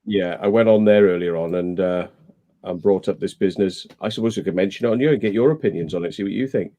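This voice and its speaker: A man on a live stream, talking in a loose, casual way that slides into heated rants full of swearing. His voice is low and mellow, with a soft, dark tone. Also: fast talker. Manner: ranting, swears freely.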